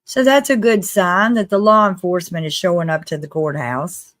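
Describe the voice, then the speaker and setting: A live-stream host giving casual commentary in a chatty, earnest way, with restarts and quick laughs. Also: medium pitch, a bit bright, no echo. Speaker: livestream host.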